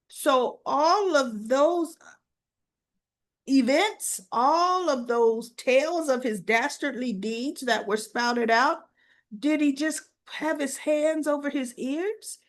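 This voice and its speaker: A woman with a fairly high voice recaps soap episodes in an unhurried, chatty way. She talks colloquially and slips into the characters' lines as she retells the scenes. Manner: chatty, colloquial, acts out the dialogue. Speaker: soap opera recap host. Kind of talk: casual spoken recap.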